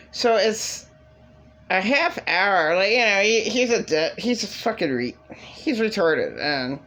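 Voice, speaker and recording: Woman ranting on her vlog, slow draggy delivery, lowish voice, rambly and worked up. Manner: rambling, agitated, repetitive. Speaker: vlogger. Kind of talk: casual rant to camera.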